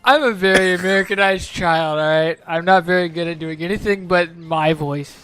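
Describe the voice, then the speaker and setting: A man co-hosting a casual couch chat over gameplay, rambling and halting with lots of fillers. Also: high voice, a bit bright, clear, resonant tone, soft background music. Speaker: co-host.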